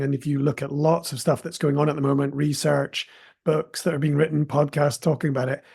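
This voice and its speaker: A man's voice: on the high side, gravelly, a little mellow, breathy edge. A man speaking as a podcast guest, earnest and reflective, offering encouragement. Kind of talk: conversational interview.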